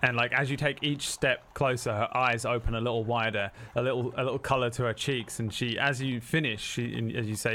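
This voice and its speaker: A man's voice: medium pitch, fairly even intonation, fairly quick, few pauses, bright, forceful tone. Casual male game master, mid-range voice, rambling delivery, faint hiss. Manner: casual, rambling, filler-heavy. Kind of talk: narrating a tabletop game.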